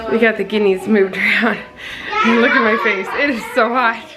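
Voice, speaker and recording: A woman's voice: mid-range voice, steady tone, normal speed, loud music behind the voice. A woman in her thirties from Nebraska, chatting casually to camera in a family vlog and laughing often. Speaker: vlogger, mother.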